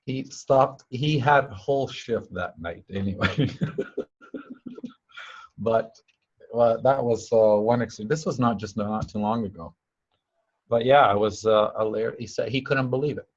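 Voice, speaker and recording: A man gives a loose spiritual teaching talk, wandering through anecdotes and repeating phrases with casual, broken grammar. He jumps into a raised voice when he quotes other people. His voice sits in a middle pitch, and the recording sounds dull and lo-fi. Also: a little slow. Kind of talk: informal teaching talk with storytelling.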